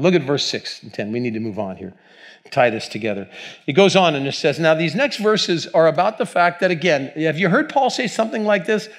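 A man's voice: a little high, animated, brisk, fairly bright tone. A male pastor preaching a sermon in a conversational, storytelling way, with asides to the congregation.

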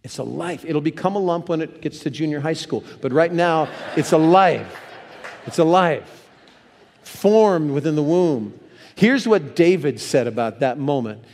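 A man preaching a sermon to a congregation, telling stories with humor and lively asides. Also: fairly high pitch, unhurried. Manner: animated storyteller, jokes with the congregation. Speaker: pastor. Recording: long hall reverb.

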